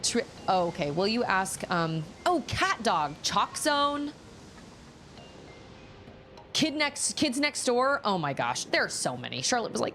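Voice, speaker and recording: A woman's voice: mid-range voice, sing-song, a little slow, music in the background. A woman in her thirties streaming a video game, chatting casually and rambling from one thought to the next. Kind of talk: casual chat while gaming.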